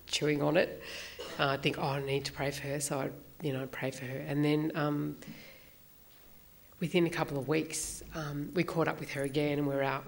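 A woman talks through her own experience in a reflective, halting way. Her voice sits low and carries a gravelly fry, and she often pauses on fillers. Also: a little hiss or hum. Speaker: recovery meeting speaker. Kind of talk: personal sharing talk.

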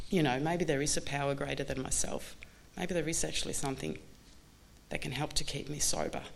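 A woman's voice: deep voice, vocal fry, slight background noise. Candid woman sharing a recovery story. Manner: candid, halting, many restarts and you-knows. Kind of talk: personal testimony talk.

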